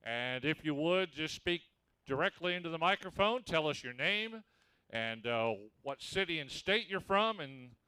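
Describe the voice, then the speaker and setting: Folksy event announcer, man, slightly high voice, smooth and dry. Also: lively intonation, a little slow, pushed and bright, dry recording. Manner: folksy, joking, gives instructions. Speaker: announcer introducing drivers. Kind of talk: event announcing over a microphone. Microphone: handheld microphone.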